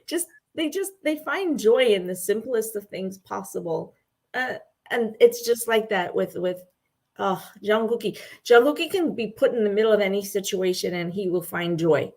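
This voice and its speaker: A woman co-hosting a casual chat, telling stories in a gushing, animated way and laughing often. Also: on the high side, moderate pace. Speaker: co-host.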